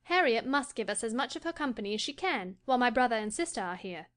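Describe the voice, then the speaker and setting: A woman's voice: fairly high pitch, animated, quick pace, a bit bright. An actress playing a cheerful young daughter who soothes her anxious father in an audiobook. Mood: reassuring. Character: bright, reassuring young daughter. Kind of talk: audiobook character voice.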